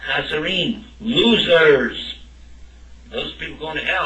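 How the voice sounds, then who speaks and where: A man's voice: mid-range voice, animated, moderate pace, pushed and bright, lo-fi sound. A man giving a religious lesson to a class, quizzing his listeners with questions along the way. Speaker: religious teacher. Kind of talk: lecture to a class. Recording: echoey room, mic at a distance.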